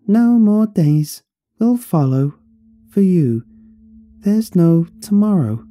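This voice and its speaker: A man voicing a creepy talking doll that recites a slow, sing-song threatening rhyme. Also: high-pitched, big pitch swings, mellow, no echo, faint music behind, pitched above the performer's own voice, exaggerated voice. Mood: menacing.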